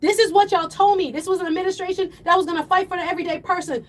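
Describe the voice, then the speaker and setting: A woman hosting a call-in radio show, delivering impassioned, preachy commentary that swells toward yelling. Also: extremely high pitch, quick pace, few pauses. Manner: fiery, preachy, rising to yelling then apologizing. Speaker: radio talk show host.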